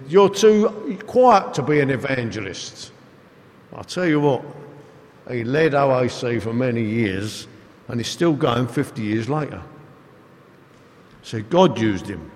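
A man preaching a sermon, telling stories in an animated, emphatic way. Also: fairly high pitch. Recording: echoey hall with long reverb.

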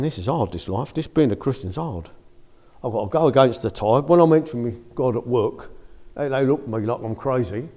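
A man's voice: mid-range voice, warm tone. A man giving an informal, conversational sermon that rises to emphatic outbursts. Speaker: preacher.

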